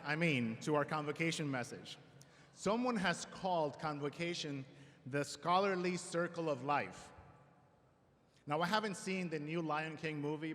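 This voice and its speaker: A man giving a formal convocation address at a school ceremony, measured with light self-deprecating humor, speaking at a podium microphone. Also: fairly high pitch, a bit bright. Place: large auditorium. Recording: long hall reverb in a large auditorium.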